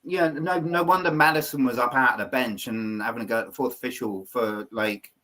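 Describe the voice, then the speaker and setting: A man's voice: medium pitch, fairly quick, bright, forceful tone. A man co-hosting a football chat, ranting with emphasis and swearing. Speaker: podcast co-host. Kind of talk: heated casual football chat.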